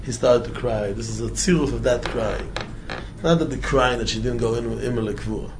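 A man teaching a Torah class, rattling off verses in a rapid singsong and then explaining them with animated emphasis. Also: mid-range voice, background noise. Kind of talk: Torah class mixing Hebrew chanting and English.

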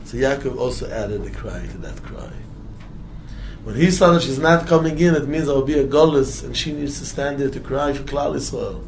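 A man teaching a Torah class, rattling off verses in a rapid singsong and then explaining them with animated emphasis. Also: medium pitch, vocal fry. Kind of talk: Torah class mixing Hebrew chanting and English.

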